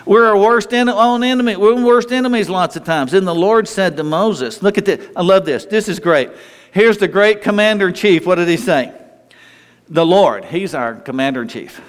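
Male pastor, lively conversational sermon, slightly high voice, big reverberant church hall. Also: unhurried. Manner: animated, conversational preaching with frequent restarts and asides. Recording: long reverb of a large hall.

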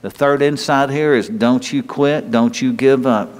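A man preaching a sermon in an emphatic, conversational way, sometimes jumping into a high, whiny voice to mock complainers. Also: steady tone, a little slow, darkish tone. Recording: long hall reverb.

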